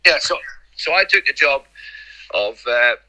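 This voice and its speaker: A man's voice: medium pitch, animated, unhurried, bright, forceful tone, a little hiss or hum, rough recording. A middle-aged man, a podcast guest rambling through anecdotes, repeating words and acting out the dialogue. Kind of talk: casual anecdotal storytelling.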